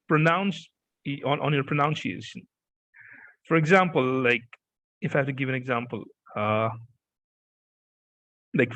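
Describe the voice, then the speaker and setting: A man's voice: mid-range voice, fairly bright tone, no room sound, rough recording. A man hosting an interview, talking animatedly with frequent laughs and repeated "yeah" and "okay". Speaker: host. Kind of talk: interview, casual chat.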